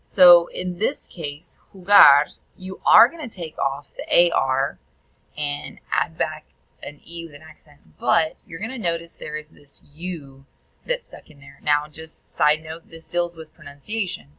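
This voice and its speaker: A woman teaching Spanish in a recorded video tutorial, explaining each step clearly and sounding out the Spanish words. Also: low-pitched, measured pace, sharp tone, dry recording, poor audio.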